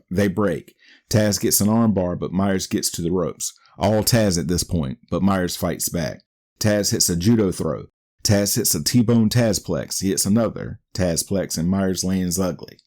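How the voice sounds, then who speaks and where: A man hosting a podcast, recapping an old wrestling show in a steady play-by-play way. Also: lowish voice. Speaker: podcast host.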